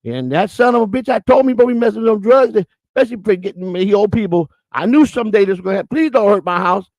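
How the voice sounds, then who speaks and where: A talkative old southern woman, put on by a man, rattles on in a high, stretched-out voice with an American Southern accent. The voice keeps a gravelly edge and sits close and dry. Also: animated, fast talker, a little mellow, dry recording. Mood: fretful. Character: nice old southern woman, chatty mother.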